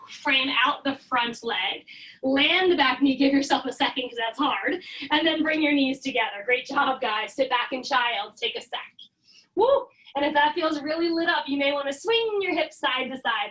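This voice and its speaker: A woman yoga instructor calmly cueing poses and breaths in an encouraging way, recorded in her home basement. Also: high voice, far from the mic, low-quality recording. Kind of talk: guided yoga class instruction.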